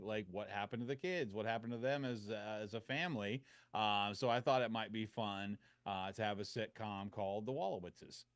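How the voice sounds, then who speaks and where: A man co-hosting a podcast, pitching an idea in casual chat, with many pauses and fillers. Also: no echo. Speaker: podcast co-host.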